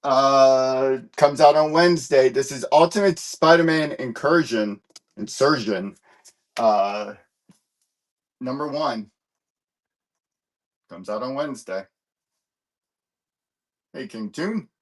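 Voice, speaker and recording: A man's voice: medium pitch, slow, pauses often. Man rambling through a live comic sale. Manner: rambling, lots of fillers and "hold on"s while searching. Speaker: live-stream comic seller. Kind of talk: casual live-sale chat.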